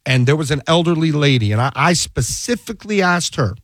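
A man's voice: on the high side, a little fast, few pauses, dry recording. Man telling a courtroom story. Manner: animated storyteller, acts out quoted dialogue. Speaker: defense attorney guest. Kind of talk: casual storytelling chat.

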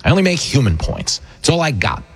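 A man's voice: mid-range voice, huge pitch swings, fairly quick, vocal fry, breathy edge, soft background music. A middle-aged man hosting a political talk radio show, delivering a sarcastic, mocking monologue that slips into put-on voices.

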